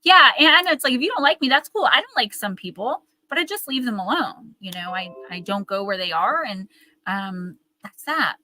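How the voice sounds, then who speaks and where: A woman's voice: a little high, lively intonation, moderate pace, pushed and bright, rough recording. A woman giving a live oracle card reading, earnest and encouraging, who mimics gushing voices now and then. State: tearing up.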